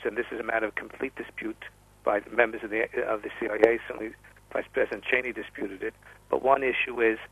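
Rabbi guest calling in, halting and self-correcting; husky, gravelly voice with a flat, even pitch. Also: male voice, no echo, rough recording. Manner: halting, with many restarts and repeated words. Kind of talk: discussing questions over the phone. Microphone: phone line.

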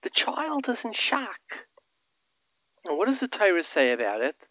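Male radio host, fervent sermon-style delivery, somewhat high voice, dry close sound. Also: wildly swooping pitch, normal speed, dry recording. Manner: fervent, preacherly, builds to emphatic outbursts. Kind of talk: impassioned radio monologue. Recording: narrow phone-like radio sound.

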